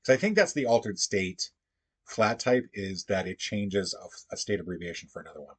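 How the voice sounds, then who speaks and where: Casting: low, husky male stream host, halting, musing, talks to chat. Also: animated. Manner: thinks aloud, halting and musing. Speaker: livestream puzzle host. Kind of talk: casual livestream chat.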